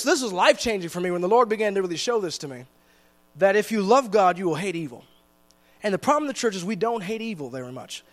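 A man preaching a sermon in a church, chatty and joking, with slowed, weighty stress on the scripture he reads. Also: sits high, fairly bright tone, big-room sound.

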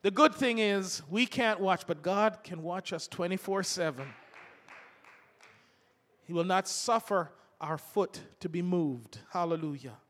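A man's voice: high-pitched, measured pace, fairly bright tone, long reverb tail. An older man preaching a sermon, reading scripture aloud between homely stories.

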